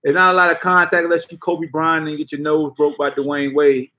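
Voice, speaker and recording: High-voiced man ranting about sports. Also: brisk. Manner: animated, blunt, slangy ranting. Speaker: podcast host. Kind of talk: casual sports talk rant.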